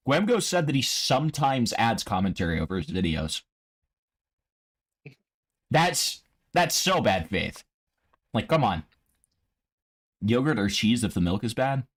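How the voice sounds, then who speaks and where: A man's voice: mid-range voice, breathy edge. Streamer guy reacting to a vid, cussing and roasting, normal voice. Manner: profane, mocking. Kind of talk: casual live-stream reaction.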